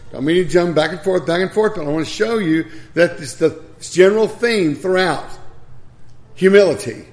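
An older man preaching a sermon, reading scripture and telling folksy stories about his life and his late wife, in a gravelly voice. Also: fairly high pitch, a little mellow.

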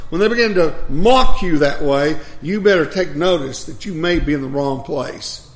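Older man, preacher, emphatic folksy sermon, high-pitched, roomy echo. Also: normal speed, few pauses. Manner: folksy, emphatic, repeats phrases.

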